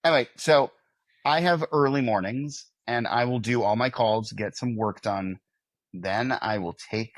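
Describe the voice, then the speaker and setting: A man's voice: medium pitch, no room sound, clean studio sound. A middle-aged man with an American accent, co-hosting a casual podcast chat with wry, self-deprecating banter. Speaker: podcast co-host.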